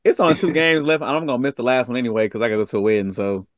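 A man's voice: mid-range voice, animated, rapid-fire, dry recording, studio quality. A man co-hosting a podcast, telling stories in a laid-back, joking way. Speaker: podcast co-host. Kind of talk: casual chat.

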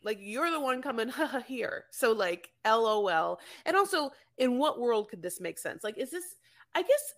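A woman's voice: a little high, normal speed. A woman co-hosting a podcast, chatting casually about a reality show and acting out lines from it. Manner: chatty, animated, acts out quotes from the show. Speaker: podcast co-host.

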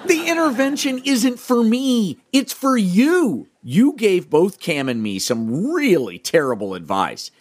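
A woman's voice: medium pitch, big pitch swings, a little slow, hardly any pauses, husky. A woman acting a mother in a sitcom, talking in a stern, exasperated way.

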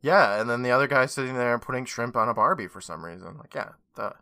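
A man co-hosting a podcast in casual chat, jokey and quick to laugh. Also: mid-range voice, no echo, studio quality. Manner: animated, jokey, laughs often. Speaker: podcast co-host.

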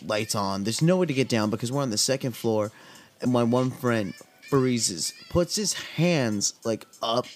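A man's voice: mid-range voice, animated, a little slow. A young man from Southern California's desert valley, casually telling a podcast story in a laid-back, profane, filler-heavy way. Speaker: podcast host.

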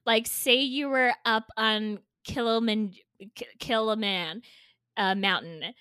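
Bright-toned woman co-host, playful and hammy, dry close sound. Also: slow, clean tone, no room sound. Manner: animated, playful pitch-person exaggeration. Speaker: podcast co-host. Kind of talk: comedic sibling banter.

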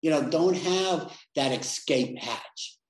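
A man's voice: on the high side, takes it slowly. A man being interviewed, talking reflectively with many restarts. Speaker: interview guest, sales leader. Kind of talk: conversational interview. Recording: echoey room.

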